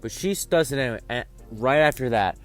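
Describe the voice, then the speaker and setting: A man's voice: mid-range voice, animated, a little fast, dry recording, soft background music. A teenage guy telling a school story casually, rambling with lots of fillers. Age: teens. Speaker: vlogger. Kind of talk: storytime vlog.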